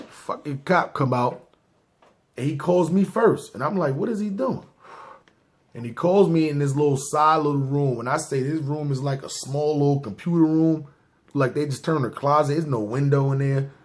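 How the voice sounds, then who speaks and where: A New York man tells a personal story on a podcast, speaking in slangy, casual talk and often checking "see what I'm saying." His voice is mid-range with a darkish tone.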